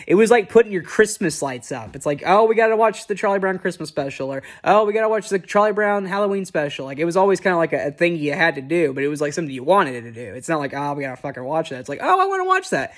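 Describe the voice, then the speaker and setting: A man casually recapping a cartoon special, rambling and cursing freely. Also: fairly high pitch. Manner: rambling, profane, lots of fillers and restarts. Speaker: movie reviewer.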